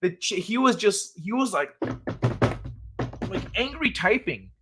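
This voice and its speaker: A man's voice: sits high, unhurried, noisy background. A man hosting a late-night livestream, chatting casually with viewers, laughing often and swearing while retelling stories. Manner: laughs a lot, swears, quotes people in animated voices. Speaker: livestream host. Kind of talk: casual chat with live chat.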